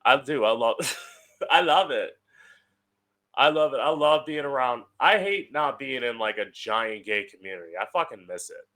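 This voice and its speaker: His voice is medium-pitched, expressive, pushed and bright, at a moderate pace. This young man hosts a podcast from home, riffing casually and sardonically in a solo monologue and cursing freely.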